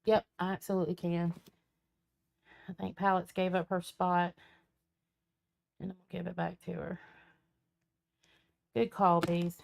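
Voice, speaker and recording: A woman's voice: fairly low pitch, level tone, unhurried, creaky, pauses often, darkish tone. A woman, a tarot reader chatting casually on a live stream, her voice cracking in and out. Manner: chatty, reads viewer comments aloud, folksy.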